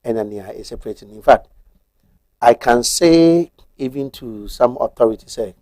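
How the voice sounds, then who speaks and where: A man's voice: medium pitch, lively intonation, normal speed, mellow, dry recording. Methodical Ghanaian man explaining law. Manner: methodical, switches between Twi and English. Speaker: guest explaining marriage law. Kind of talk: explanatory TV talk-show discussion.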